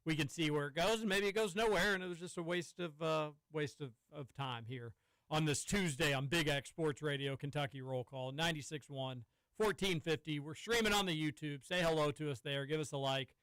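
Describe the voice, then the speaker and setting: A man's voice: fairly high pitch, a little fast, fairly bright tone, clear, resonant tone, no echo, rough recording. A man hosting a sports talk radio show from a studio, talking casually and rambling with some stammering. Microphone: studio microphone.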